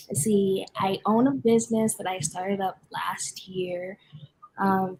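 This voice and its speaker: A woman's voice: mid-range voice, slightly rough, poor audio. A woman in her twenties introducing herself on a video call, shy and a little unsure. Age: 20s. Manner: shy, unsure, soft-spoken.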